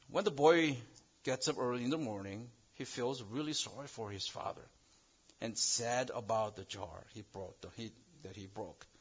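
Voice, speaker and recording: Halting male preacher, dull lo-fi sound. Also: fairly bright tone, breathy edge. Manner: halting, restarts phrases, rises in pitch and volume on key words. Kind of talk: sermon with an illustrative story. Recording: dull lo-fi recording.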